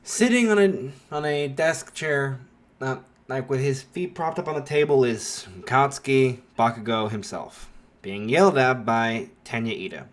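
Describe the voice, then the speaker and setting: A man's voice: mid-range voice, unhurried. A man narrating a fan story in a rambling, casual way, full of filler likes.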